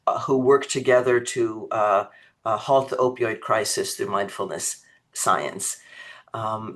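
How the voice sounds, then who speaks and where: A man hosting a lecture series who reads out a formal introduction for the guest speaker, pausing often with ums and uhs. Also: medium pitch, fairly bright tone.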